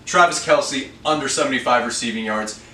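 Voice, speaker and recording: A man's voice: medium pitch, brisk, sharp tone. A man co-hosting a sports betting podcast in casual chat, walking through stats to back up his picks. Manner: lays out stats and reasons plainly. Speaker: podcast co-host. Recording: echoey room, distant mic, faint hiss.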